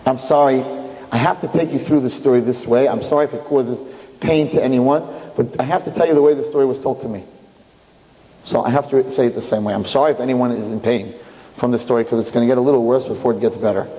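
A man telling a story live to an audience in a room, animated and repeating phrases for emphasis. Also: mid-range voice, fast, reverberant, long reverb tail, low-quality recording.

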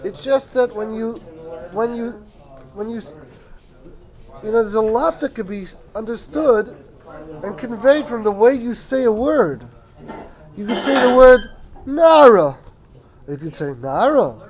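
A high-pitched man leads a Torah class and leans hard on certain words in a sing-song way. The recording is muffled and lo-fi, like a classroom taped on a cheap recorder. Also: expressive, measured pace, long pauses, a little mellow. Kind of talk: Talmudic lesson to a small class.

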